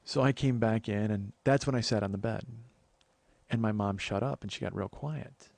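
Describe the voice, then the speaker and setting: Brief: gravelly comedian, rambling storyteller, dry close sound. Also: male voice, fairly low pitch, moderate pace, a little mellow, dry recording. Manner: rambling, conversational, many fillers. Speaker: comedian podcast host. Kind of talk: storytelling monologue.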